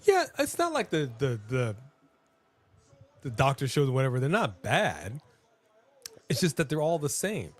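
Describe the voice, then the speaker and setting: A man's voice: mid-range voice, wildly swooping pitch, a little slow, long pauses. A man co-hosting a live watch-along stream, talking casually and rambling with frequent restarts.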